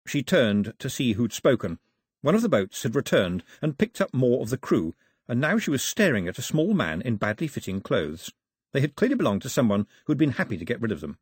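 Expressive husky male narrator. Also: mid-range voice, fairly quick, dry recording, studio quality. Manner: expressive, wry storytelling. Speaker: audiobook narrator. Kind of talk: scripted narration.

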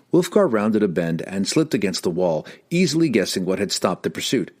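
A man's voice: on the low side, slightly rough. A man reading a fantasy novel aloud as an audiobook narrator, telling the action with dramatic expression.

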